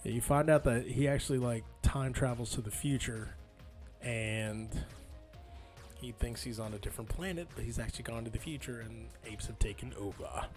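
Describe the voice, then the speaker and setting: A young man co-hosting a casual movie podcast, playful and quick to laugh. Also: medium pitch, music in the background. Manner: playful, laughs often, does loud movie-quote impressions. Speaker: podcast co-host.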